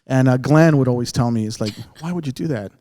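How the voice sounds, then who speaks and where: A man's voice: medium pitch, fast. A man telling a long story in casual podcast chat, acting out the voices of the people in it. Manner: animated, acts out other people's lines in the story. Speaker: podcast guest, radio veteran.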